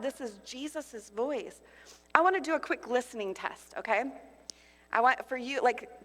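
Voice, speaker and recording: A woman in her fifties preaches to a conference crowd, with a high, bright pitch. She swings between loud, emphatic declarations and quiet, intimate asides. Her voice carries a long reverb from the large hall. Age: 50s. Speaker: conference speaker. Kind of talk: sermon.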